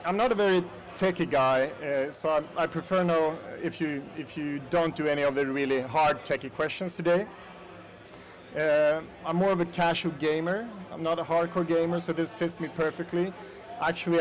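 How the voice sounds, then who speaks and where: The recording is rough, capturing a Swedish man with a Swedish accent and a voice on the high side. He's giving a laid-back conference presentation in a hall, speaking directly to the crowd with frequent fillers.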